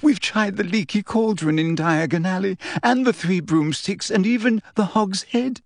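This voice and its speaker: A woman's voice: mid-range voice, normal speed, dry recording, studio quality, pitched above the performer's own voice, lightly acted. A woman reading aloud and voicing a teenage girl who stammers and fakes sobbing. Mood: wailing. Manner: stuttering, choked, fake-tearful. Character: teenage schoolgirl faking sobs, stammering. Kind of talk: dramatic reading.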